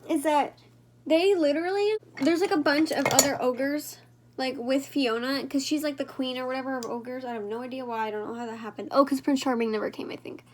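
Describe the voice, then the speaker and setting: A woman's voice: high voice, fairly quick, a little mellow, slight background noise. A woman vlogger chatting casually and rambling to her viewers while she does her makeup. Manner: rambling, talks to viewers directly.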